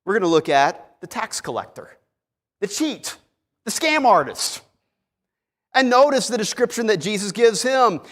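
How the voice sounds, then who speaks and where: A man preaching from the pulpit, lively and story-driven, slipping in and out of characters as he makes his points. His voice sits a bit high for a man. A long reverb from the sanctuary rings behind every line. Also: measured pace, long pauses. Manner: animated storytelling, acts out characters. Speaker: pastor. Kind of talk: sermon. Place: church sanctuary. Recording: long hall reverb in church.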